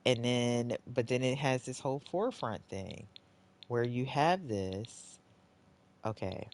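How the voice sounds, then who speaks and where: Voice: medium pitch, slow pace. A live streamer giving gameplay commentary, talking to themself, swearing often, and sighing between lines. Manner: talks to self, swears often when frustrated; groans and sighs, swings between muttering and exclaiming.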